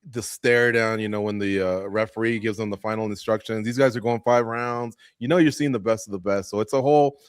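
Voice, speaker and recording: A man hosting a radio show, asking relaxed, chummy follow-up questions in a casual interview. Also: lowish voice, no room sound. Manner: relaxed and chummy, asks loose follow-ups.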